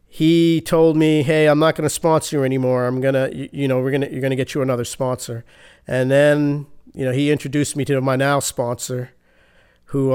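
Man, smooth clear voice, mid pitch, earnest, halting, recovery testimony. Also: darkish tone. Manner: earnest, halting, with many restarts. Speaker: speaker sharing his recovery story.

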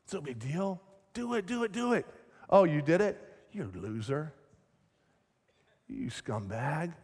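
A man's voice: a little high, very animated, unhurried, a little mellow, husky, big-room sound, exaggerated voice. A man voicing a tempting, mocking male devil, wheedling and sneering. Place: church sanctuary.

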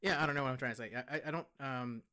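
Podcast co-host, young man, mid-pitched, relaxed, meandering and trailing off mid-thought. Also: racing. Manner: easygoing, rambling, trails off. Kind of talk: casual podcast chat.

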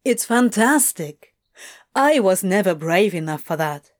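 A wry, guarded man who swears freely and mocks himself, as a woman narrator puts him on in an audiobook. He speaks slowly, with a mid-range pitch close to the reader's own, and keeps his tone offhand. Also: animated, natural voice. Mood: candid, offhand. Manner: blunt, swears a lot, scolds himself. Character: wry guarded young-adult man, self-mocking. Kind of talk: audiobook reading of fiction.

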